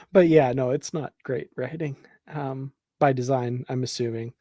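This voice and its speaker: Slow-talking enthusiastic man, dry sound. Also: mid-range voice, steady tone, warm tone, dry recording. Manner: enthusiastic, laughs often, many fillers. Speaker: podcast co-host. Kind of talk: casual fan discussion.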